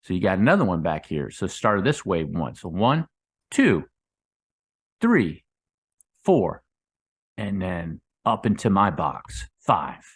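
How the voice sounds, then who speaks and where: A man giving casual commentary on crypto charts, rambling and calling his viewers "guys," with his voice dropping low on those asides. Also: big pitch swings, slow pace, long pauses, breathy edge. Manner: rambling, addresses viewers as guys, drops low on tag words. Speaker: crypto market analyst.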